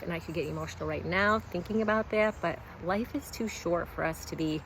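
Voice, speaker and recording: A woman's voice: lowish voice, vocal fry, a little hiss or hum. A woman in her forties, a health coach, talking candidly to camera in a casual vlog, earnest and with bursts of enthusiasm. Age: 40s.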